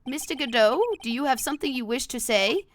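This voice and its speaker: A woman voicing a stern, blustering older male judge, loud and commanding, while reading a game aloud. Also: sits high, fairly quick, a little hiss or hum, lightly acted.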